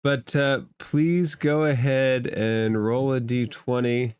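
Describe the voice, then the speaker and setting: A man running a tabletop game as game master, narrating slowly. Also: mid-range voice, fairly even intonation, darkish tone, clear, resonant tone, dry recording, studio quality.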